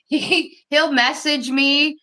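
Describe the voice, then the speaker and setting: A woman's voice: high voice, fairly even intonation, extremely slow, pushed and bright. An older woman and grandmother hosting a casual live-stream chat, telling stories and laughing often. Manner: chatty storyteller, laughs often. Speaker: host.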